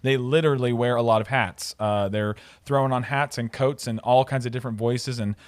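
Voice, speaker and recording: A man of middle pitch hosts a film podcast and talks through his thoughts on a story. His delivery is casual and articulate, with a few fillers, and the sound is dry and close with no room around it. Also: fairly even intonation, fairly quick, clear, resonant tone, no echo. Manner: articulate, explanatory, some fillers. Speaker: podcast host.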